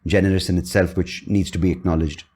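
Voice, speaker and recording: A man's voice: low-pitched, little pitch movement, quick pace, darkish tone. A man hosting a casual podcast interview, chatting easily and telling personal anecdotes. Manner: chatty, acts out others' voices in quotes. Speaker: podcast host.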